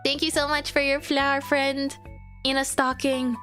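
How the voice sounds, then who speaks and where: A woman's voice: high voice, little pitch movement, normal speed, a bit bright. A woman streaming from home, chatting casually to her viewers in a bubbly, giggly way that rambles from one thing to the next. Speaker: VTuber streamer. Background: faint background music.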